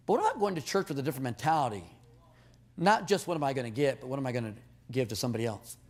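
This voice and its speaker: A man's voice: medium pitch, racing. A man preaching a sermon, telling stories with humor and stumbling over repeated words as he builds his points. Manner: animated storytelling, jokes with the crowd, repeated words.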